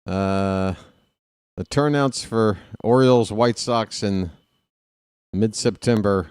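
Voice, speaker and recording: A man's voice: slow, darkish tone, clear, resonant tone, dry recording, clean studio sound. Chatty man calling baseball play-by-play. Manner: casual, chatty, reads viewer names between pitches. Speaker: play-by-play streamer. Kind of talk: live play-by-play with chat shout-outs.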